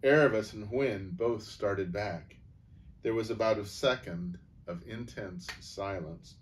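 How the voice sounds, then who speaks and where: A man reading a children's storybook aloud in a gentle, unhurried way. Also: lowish voice, far from the mic, a little hiss or hum.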